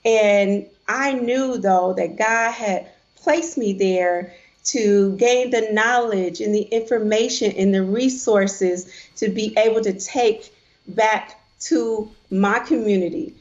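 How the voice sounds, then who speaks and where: A woman's voice: mid-range voice, takes it slowly. A middle-aged woman, a financial advisor and coach, telling a heartfelt personal story as an interview guest. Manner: heartfelt, earnest storytelling with quoted voices. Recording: dull lo-fi sound.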